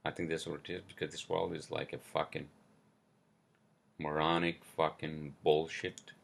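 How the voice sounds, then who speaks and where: A man's voice: very deep voice, flat delivery, gravelly, fairly bright tone. A man hosting a solo podcast, ranting angrily with lots of swearing, fillers and apologies. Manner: angry, profane, halting with many fillers and apologies. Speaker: podcast host. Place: New York.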